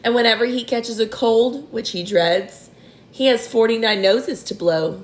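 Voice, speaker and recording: A woman's voice: on the high side, unhurried, close to an everyday voice, poor audio. A woman voicing a grinning, boastful male centipede who recites a bouncy rhyming verse. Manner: exuberant, sing-song rhyming.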